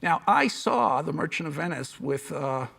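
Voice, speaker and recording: High-voiced, gravelly male lecturer. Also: expressive, normal speed, fairly bright tone. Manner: conversational, digressive, self-correcting with restarts; dry humorous asides. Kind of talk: public lecture.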